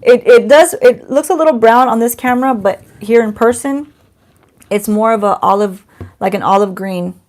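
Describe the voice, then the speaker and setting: A slightly high, somewhat mellow female voice moves at a moderate pace. It's a middle-aged beauty vlogger unboxing products at home, chatty and self-deprecating, talking to the camera and to someone just off screen.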